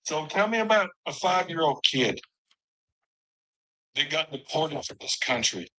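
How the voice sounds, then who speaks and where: Guy grilling a guest on a stream debate, stops and restarts, bright voice. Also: a little high, very animated, low-quality recording. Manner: pressing, halting questions. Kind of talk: heated online debate.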